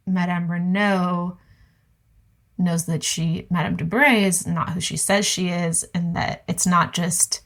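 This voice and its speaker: A woman co-hosting a podcast, talking through a book in casual chat and acting out characters' lines in quick voices. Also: fairly low pitch, flat delivery. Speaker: podcast co-host.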